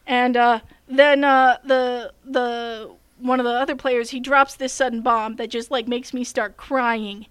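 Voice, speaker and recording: Woman game master, casual storyteller, high clear voice, dry close sound. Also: steady tone, moderate pace, few pauses, no echo. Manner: rambling storytelling with fillers. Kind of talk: casual chat.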